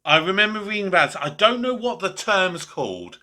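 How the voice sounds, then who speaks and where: A man's voice: sits high, expressive, a little fast, sharp tone. A man hosting a reaction video, talking casually and rambling a bit when he is unsure.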